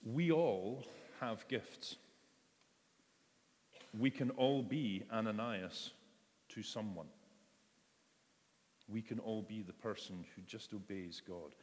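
A man preaches in a conversational way and acts out voices in quotes. His voice sits a little low, and it rings with the long reverb of a large church hall. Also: takes it slowly, long pauses, a little mellow. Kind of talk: sermon.

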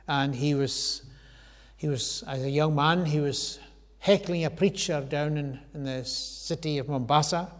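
Male preacher, slightly high voice, earnest sermon delivery, long hall reverb. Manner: earnest, swells loud then drops to a hush.

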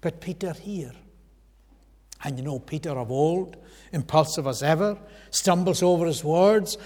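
A man preaching a sermon in a church hall, earnest, rising to loud emphasis and sinking to near whispers. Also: fairly high pitch, a little slow. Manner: earnest, swells loud then drops to a hush. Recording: long hall reverb.

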